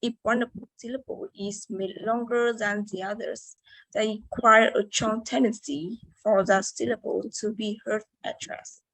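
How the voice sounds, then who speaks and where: A young woman giving a halting class presentation as a student. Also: medium pitch, fairly even intonation, fairly bright tone, no room sound, rough recording. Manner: slow, halting, with fillers. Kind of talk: class presentation on English word stress.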